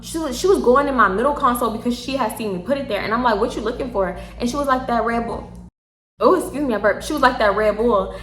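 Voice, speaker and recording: A woman with a Houston accent telling a story casually to her viewers, animated, slangy and quick to laugh. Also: fairly high pitch. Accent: Southern US, Houston. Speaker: storytime vlogger. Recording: echoey room.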